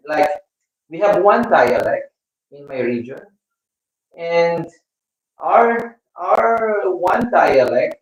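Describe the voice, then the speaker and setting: Filipino male live-stream host, slow and rambling, higher voice, heavy room echo from a distant mic. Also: gravelly, lo-fi sound. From Philippines. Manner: rambling, halting, with many restarts. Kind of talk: casual live-stream chat with viewers.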